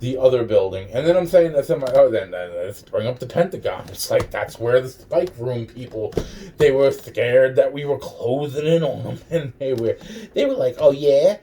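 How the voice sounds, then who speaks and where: A man rambles in a loose, profane monologue, chuckling to himself between phrases. His voice is dark and mellow, and he sits a little back from the mic. A faint hum of noise runs underneath. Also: mid-range voice, expressive, normal speed, distant mic.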